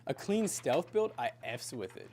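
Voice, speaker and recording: A man helping out on a live PC build, chatting loosely and wondering aloud at each part. His pitch swings around a lot as he talks, and there is faint ambient sound behind him. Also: moderate pace, a little hiss or hum. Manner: animated, musing questions aloud. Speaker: co-builder on the stream. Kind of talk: casual chat while building.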